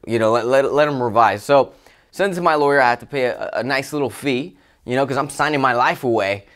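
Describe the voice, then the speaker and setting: A man who works as a life coach, telling a personal story to camera in a casual, motivational way, expressive and excitable, with loud exclamations. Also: mid-range voice, quick pace. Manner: expressive and excitable, with exclamations and big swings in loudness.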